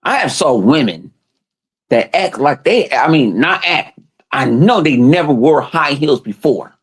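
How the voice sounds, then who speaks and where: A man's voice: on the high side, unhurried, husky. A man hosting a podcast, telling stories in casual chat with lots of swearing and quoted voices. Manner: animated, profane storytelling with quoted voices. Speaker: podcast host.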